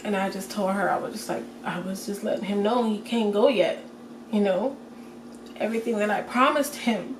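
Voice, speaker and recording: A young woman vlogger telling a personal story to the camera in an emotional, halting way, full of fillers. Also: mid-range voice, a little hiss or hum. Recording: roomy echo, voice from a distance.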